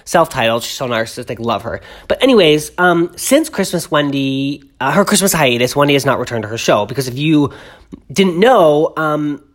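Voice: medium pitch, sing-song, moderate pace. Congested, rambling pop-gossip podcaster. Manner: rambling, chatty, prone to tangents; gushing with ironic exaggeration. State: congested, clogged throat. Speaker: podcast host. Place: at home.

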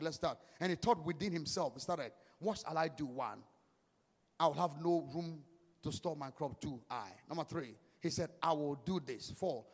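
High, husky preacher man in a reverberant church. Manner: swings from hushed to shouted, sing-song emphasis, calls for claps. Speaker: pastor. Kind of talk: sermon. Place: church hall with congregation. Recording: long church hall reverb.

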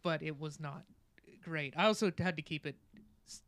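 A man with a high, smooth voice talks about a comedy gig. He rambles and fills his sentences with "like". The recording is dry and close, with no room sound. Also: moderate pace, a bit bright, no room sound. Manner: rambling, many "like" fillers. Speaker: comedian podcast co-host. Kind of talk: casual chat.

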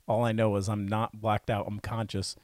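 Low-voiced man telling a rambling story. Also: normal speed, no echo. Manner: rambling, animated anecdotes with put-on quotes. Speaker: podcast co-host. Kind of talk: casual chat, storytelling.

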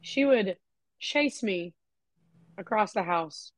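A young woman co-hosting a podcast, trading blunt, swear-filled stories in casual conversation. Her voice sits at an ordinary middle pitch, and the recording is dry and close, with no room sound around it. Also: expressive, takes it slowly, no room sound. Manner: frank, profane, storytelling. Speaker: podcast co-host. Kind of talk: casual chat.

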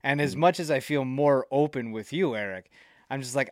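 A man's voice: mid-range voice, normal speed, no echo, clean studio sound. A man co-hosting a podcast on a video call, rambling loosely, swearing freely and laughing often. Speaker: podcast co-host and producer. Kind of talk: casual chat.

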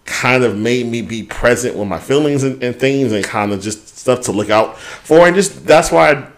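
A man's voice: mid-range voice, moderate pace. A man co-hosting a podcast, chatting casually and candidly about his week, swearing freely as he talks it through. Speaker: podcast co-host. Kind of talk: casual chat.

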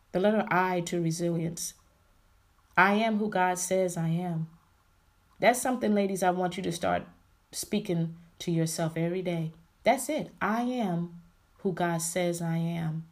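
Woman podcaster with a gravelly kinda low voice, preachy pep talk, keeps repeating affirmations. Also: dark tone. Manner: preachy, repeats affirmations, calls listeners "y'all" and "honey". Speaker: podcast host. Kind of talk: faith-based motivational talk.

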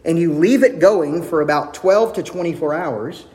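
Brief: male pastor, slightly high voice, earnest sermon, church hall reverb. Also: moderate pace. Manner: earnest, varies pace, drops to soft intimate tones for quotes.

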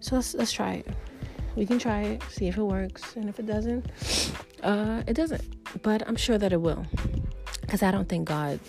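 A woman's voice: medium pitch, normal speed, gravelly, long pauses. Woman vlogger, casual motivational rant, emphatic and preachy, faint music bed. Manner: emphatic, preachy, conversational with many fillers. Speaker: vlogger giving life advice. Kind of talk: casual motivational talk to camera.

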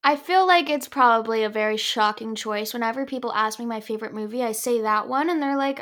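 A woman's voice: on the high side, brisk, hardly any pauses, fairly bright tone. A young woman, a guest actress, chatting earnestly and thoughtfully on a podcast and laughing easily. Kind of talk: casual podcast chat.

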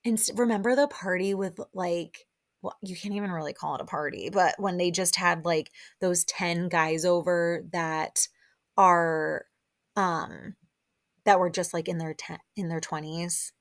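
A woman hosting a casual solo recap podcast, chatting excitedly with lots of "like" and side notes. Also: on the low side, unhurried. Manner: chatty, full of "like" and excited asides. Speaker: podcast host.

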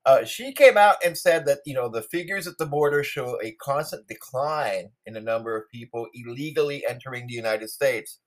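A man's voice: medium pitch, a little fast, few pauses. A man delivering an opinionated, sarcastic political monologue, rambling with many fillers and asides. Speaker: political commentator. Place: New York City.

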